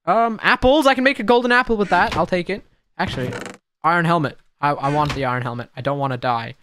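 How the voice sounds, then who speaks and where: A young man giving casual, excitable gameplay commentary, talking to the creatures on screen and swinging between muttering and sudden shouts. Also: a little high, quick pace, slight background noise. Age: young adult. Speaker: gaming YouTuber.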